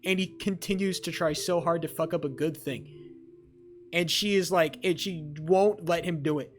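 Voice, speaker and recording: Excitable young man streaming, slightly high voice. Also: normal speed. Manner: rambling, excitable, heavy swearing. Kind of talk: casual live-stream chat.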